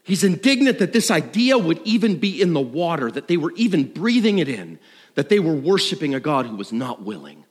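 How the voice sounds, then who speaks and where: A middle-aged man preaching a sermon, swinging between loud and hushed. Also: fairly high pitch, brisk, breathy edge. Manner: animated, dramatic shifts between loud and hushed. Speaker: pastor. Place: church sanctuary. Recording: long reverb of a large hall.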